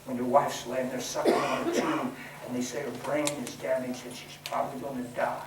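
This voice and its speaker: A man preaching a sermon, swinging from hushed, almost whispered words to loud, excited shouting. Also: medium pitch, brisk, background noise. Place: large church hall. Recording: echoey hall, voice from far off.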